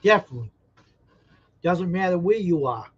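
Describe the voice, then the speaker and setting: This livestream host is a man from the American South whose high voice is a bit rough, with lively intonation at a normal pace. Broadcasting indoors at home, he reads comments and jokes casually, addressing chat directly in a folksy way. The sound quality is flat, low-fidelity stream audio.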